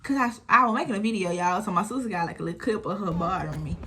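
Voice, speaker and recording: Animated young woman telling a storytime. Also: medium pitch, racing, a little hiss or hum. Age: 20s. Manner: animated retelling, acting out quotes, frequent swearing. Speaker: storytime vlogger. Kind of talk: casual storytime chat.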